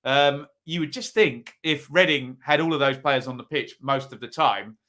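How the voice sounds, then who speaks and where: A man's voice: mid-range voice, moderate pace, pushed and bright. A man hosting a live football watchalong stream, chatting to his viewers and tossing out tag questions.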